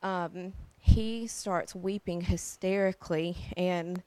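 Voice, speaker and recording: A woman's voice: lowish voice, fairly even intonation, slow, dark tone, no room sound. A young woman telling her personal faith story in a casual, earnest way, with frequent fillers and restarts.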